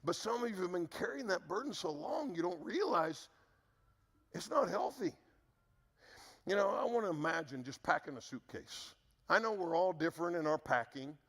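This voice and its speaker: A middle-aged man preaching a sermon as pastor, earnest and repetitive, dropping low to stress key words. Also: lively intonation, normal speed, fairly bright tone, big-room sound.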